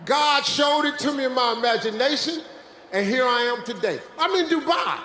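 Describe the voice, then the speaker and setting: An older American man giving a live motivational speech in a large dome, animated, preachy and joking with the audience. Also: extremely high pitch, moderate pace. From West Virginia, USA. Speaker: motivational speaker. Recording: echoey dome, faint crowd noise.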